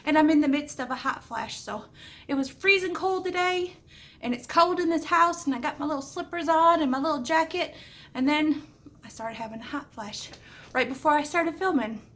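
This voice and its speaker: A woman's voice: high voice, normal speed, fairly bright tone. A middle-aged woman hosting a casual home decor vlog from her living room. She is chatty and homey, with lots of small asides, and is a little under the weather with the odd cough. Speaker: home decor channel host. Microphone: camera set up nearby, moved around while she talks.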